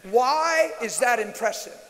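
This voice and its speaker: Male preacher, high-pitched and bright, animated, occasionally shouts, live in a reverberant church hall. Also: measured pace. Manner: animated, shouts and mimics screams. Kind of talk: sermon Q&A. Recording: reverberant hall with faint hiss.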